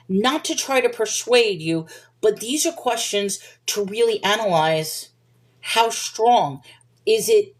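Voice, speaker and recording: Woman, stream host, mid-pitched voice, casual and digressive Bible talk with viewers. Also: lively intonation, slow pace. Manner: rambling, digressive, apologizes for wandering. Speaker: livestream host answering viewer questions. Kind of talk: casual rambling Bible discussion.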